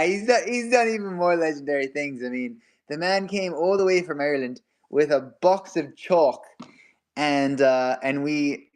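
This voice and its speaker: A young man hosting a casual livestream, chatty and laughing often as he rambles through stories. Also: fairly high pitch. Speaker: livestream host.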